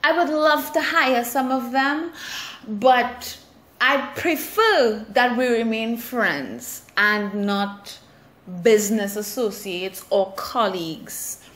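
Woman, solo podcast host, unhurried delivery, reflective, candid, self-deprecating. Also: a little high, lively intonation, fairly bright tone. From Trinidad and Tobago. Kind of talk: casual solo podcast monologue.

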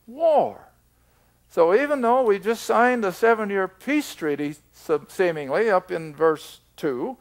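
An older man teaching a Bible study in a slow, emphatic way, drawing out his words. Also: high-pitched, creaky.

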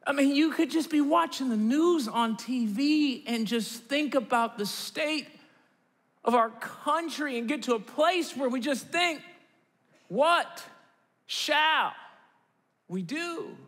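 A man preaching a sermon in a lively storytelling manner, often checking in with the congregation. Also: very high-pitched, unhurried. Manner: animated, checks in with the audience often. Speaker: guest preacher. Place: large church auditorium. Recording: long church hall reverb.

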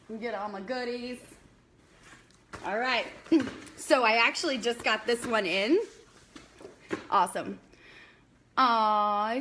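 A woman's voice: a little high, fairly bright tone, slight background noise. Chatty young woman hosting a live stream. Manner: chatty, scattered, talks to commenters by name. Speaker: direct sales consultant hosting a live bingo game. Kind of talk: casual live-stream chat to viewers.

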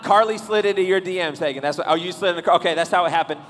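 A man with a high voice preaches in a loose, joking way, talking to his young crowd and teasing them. His voice rings out with a long reverb. He is leading a church service for youth. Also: rapid-fire. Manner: joking, animated, talks to the crowd. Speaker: youth pastor. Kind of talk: casual comedic sermon. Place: large church hall.

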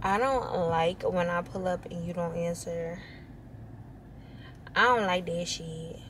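A woman's voice: on the low side, takes it slowly, a bit bright, poor audio. A young woman vlogging casually from her car, rambling in a chatty, slangy way and laughing often. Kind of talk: casual vlog chat. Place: in a car, driving and parked outside. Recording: traffic and car noise behind.

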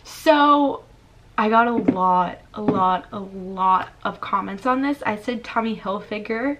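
A woman of twenty-one from Florida, chatting casually in a vlog, full of "like" and quick laughs as she reads comments aloud. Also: mid-range voice, highs cut off, noisy background. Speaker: YouTuber.

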